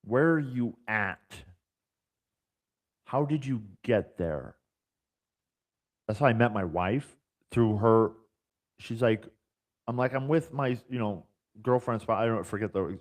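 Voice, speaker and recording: A man as a podcast guest, chatting casually and acting out quoted dialogue in his stories, with frequent fillers like "like" and "you know". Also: mid-range voice. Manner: animated, acts out quoted dialogue. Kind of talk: casual storytelling chat.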